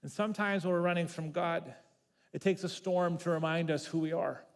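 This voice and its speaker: A man pastor preaching a sermon, telling the story in an animated way and repeating words as he builds. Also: a little high, brisk. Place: church sanctuary. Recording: long reverb of a church hall.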